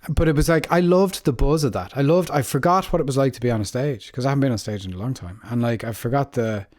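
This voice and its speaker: A man's voice: medium pitch, fast, a little mellow, no room sound, studio quality. A man, an actor co-hosting a podcast, chatting in an easygoing, hesitant way with many restarts. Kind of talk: casual chat.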